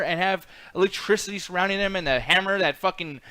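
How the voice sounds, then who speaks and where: A man co-hosting a casual chat show, ranting fast and swearing freely. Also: high voice, sharp tone, dry recording. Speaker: podcast co-host.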